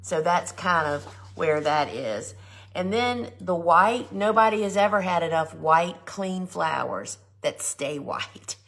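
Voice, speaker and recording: Chatty woman, lowish voice. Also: animated, takes it slowly, fairly bright tone. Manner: chatty, enthusiastic, says "y'all" often. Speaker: host of a flower gardening live show. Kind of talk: casual live shopping chat.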